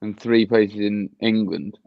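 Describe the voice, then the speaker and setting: Low-voiced man, dull dry mic. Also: fairly even intonation, measured pace, vocal fry, no echo. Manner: brief, low-key answers. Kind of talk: casual live-stream chat.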